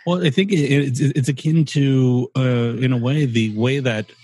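A man's voice: medium pitch, steady tone, measured pace, darkish tone, slightly rough. A man co-hosting a podcast, talking in an opinionated, rambling casual way with some swearing. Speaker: podcast co-host. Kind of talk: casual chat.

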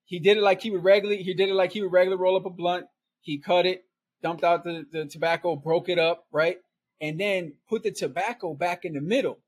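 A man's voice: high voice, fairly even intonation, a little fast, breathy edge. Laughing, rambling man telling a story. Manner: rambling, laughs often, repeats "right?" and "man". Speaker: podcast guest storyteller. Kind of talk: casual storytelling.

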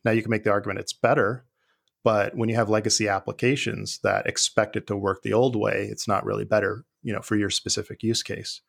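Gravelly low-voiced man in an interview. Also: fairly quick. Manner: relaxed, thoughtful, with fillers and restarts. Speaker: guest, former IT leader. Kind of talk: conversational interview.

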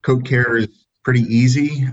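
A man, a dog-breeder guest on a podcast, telling relaxed anecdotes in a casual way. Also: mid-range voice, moderate pace. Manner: relaxed, anecdotal, chuckles at his own stories. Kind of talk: casual storytelling. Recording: dull lo-fi sound.

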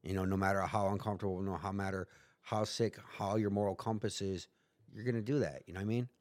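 A man's voice: deep voice, steady tone, fast talker, darkish tone, no room sound. A man guest on a podcast, telling a story in casual chat, swearing freely and acting out what other people said. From United States. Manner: profane, acts out other people's lines in quotes.

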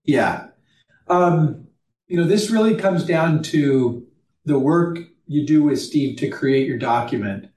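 Male guest, CEO type, earnest storyteller with a slightly high voice, recorded off-mic in an echoey room. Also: slow pace, a little mellow, recorded from a distance. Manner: earnest storytelling, frequent restarts and fillers. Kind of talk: conversational podcast interview. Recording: roomy echo, off-mic.

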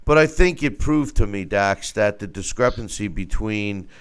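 A man talking boxing on a show as a guest, animated, with stammering restarts. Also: on the low side, moderate pace, clean tone. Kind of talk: casual boxing talk.

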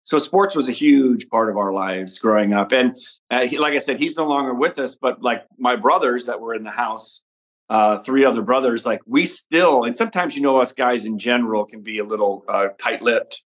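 A man from Nebraska, a podcast guest talking in a relaxed, rambling way about his upbringing and family. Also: mid-range voice, moderate pace, poor audio. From Nebraska, USA. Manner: easygoing, rambling storyteller. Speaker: podcast guest, father and entrepreneur. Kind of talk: casual interview conversation.

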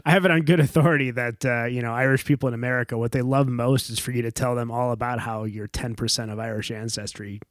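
Man from Chicago, mid-pitched, casual rambling talk, bone-dry close mic. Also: fairly even intonation, quick pace, few pauses, no echo. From Chicago area. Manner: rambling, many restarts and fillers, drops his voice at phrase ends. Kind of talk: casual chat.

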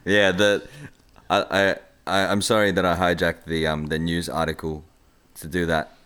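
Podcast host, male, very low voice, casual and eager interjector. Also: flat delivery, normal speed, fairly bright tone, smooth.

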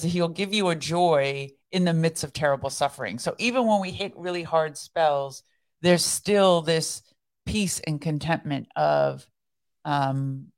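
Low-voiced woman sharing faith reflections. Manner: earnest, reflective storytelling. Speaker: podcast co-host. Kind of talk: casual faith conversation.

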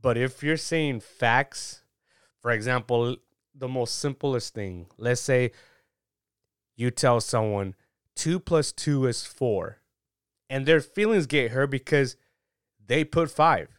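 A man's voice: medium pitch, slow, long pauses, smooth, dry recording, studio quality. A man giving a casual, chatty sermon, reading scripture and laughing at his own asides. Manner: relaxed, chatty, laughs at himself. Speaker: preacher.

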